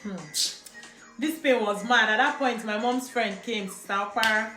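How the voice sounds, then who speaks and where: A Nigerian woman telling a personal story in casual, animated talk, laughing often and mixing in pidgin. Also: fairly high pitch, moderate pace. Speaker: vlogger. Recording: echoey room with music behind.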